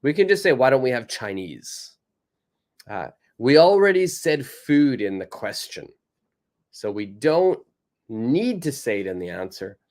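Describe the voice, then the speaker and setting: A man's voice: mid-range voice, big pitch swings, unhurried, darkish tone. A man teaching a live online English lesson with a North American accent, patiently repeating phrases and encouraging his students.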